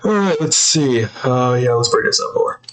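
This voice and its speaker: There's background noise as a man with a medium-pitched, expressive voice draws on stream at a moderate pace. He muses aloud, rambles with fillers, and speaks to his cat between comments.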